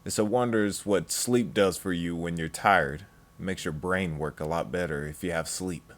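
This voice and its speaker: A man narrating a let's play video, excitable and calling out to his viewers. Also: low voice, normal speed. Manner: loud, excitable, addresses viewers as "people". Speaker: gaming channel host.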